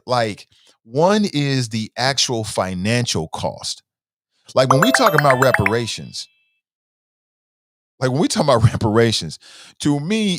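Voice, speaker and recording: Male show host, mid-pitched, dry close sound, casual and animated, reads viewer comments. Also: no echo. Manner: conversational, reads viewer comments aloud, often starts with "uh"; animated, stressing words as he argues points.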